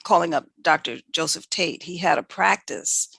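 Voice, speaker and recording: An older woman from New York City shares career stories in a conversational interview. Her voice has a slight gravelly texture. She recorded close to the mic in a dry space, and she tells her stories animatedly, full of quoted exchanges. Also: low-pitched, normal speed, dry recording. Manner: animated, self-correcting anecdotes with quoted dialogue. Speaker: veterinarian guest. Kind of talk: candid conversational storytelling.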